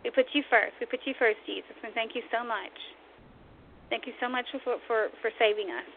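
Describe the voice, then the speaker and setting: A high-pitched woman preaches and rambles on her own online talk show, repeating her points with fervor. The sound is thin and phone-like, with a faint hiss underneath. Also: fairly even intonation, a little fast. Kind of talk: impassioned religious talk show. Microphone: online radio stream. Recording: tinny phone-line audio, faint noise.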